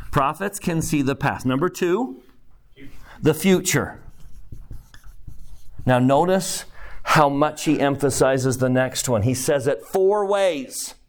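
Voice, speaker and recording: A man leads a scripture class in an emphatic teaching manner. He reads verses aloud and drives points home by repeating key phrases. His voice sits at an ordinary middle pitch. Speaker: religion teacher.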